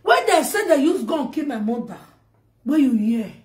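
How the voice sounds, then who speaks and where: Nigerian woman, high voice, emphatic rant to camera, roomy echo. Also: very animated, moderate pace, darkish tone. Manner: emphatic, scolding, repetitive. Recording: echoey room.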